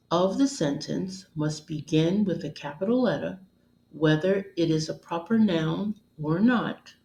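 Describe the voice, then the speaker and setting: A woman narrating a scripted grammar lesson as a teacher, in a measured, deliberate, instructional way. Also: fairly low pitch, warm tone. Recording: roomy echo.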